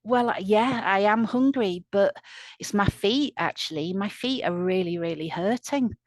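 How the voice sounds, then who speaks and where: A woman's voice: mid-range voice, measured pace, dry recording, studio quality, natural voice. A woman voicing a footsore old male tramp who sounds tired and drowsy as he protests. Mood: weary.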